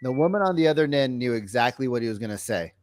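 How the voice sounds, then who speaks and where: A man coaching on sales in casual podcast chat, animated and slangy, acting out calls in quick voices. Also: mid-range voice, no echo, clean studio sound. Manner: slangy, says bro and dude.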